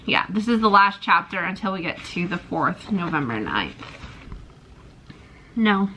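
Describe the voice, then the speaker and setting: A woman's voice: fairly low pitch, very animated, moderate pace, bright, forceful tone, slight background noise. A young woman vlogging about a book she is reading, emotional and gushing, sighing often. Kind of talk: casual reading vlog.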